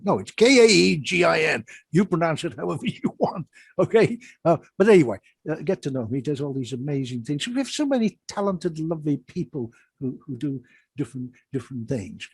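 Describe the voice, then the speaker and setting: A man hosting a casual chat, rambling and halting with many fillers. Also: fairly high pitch, sing-song, mellow, breathy edge, dry recording. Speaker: host.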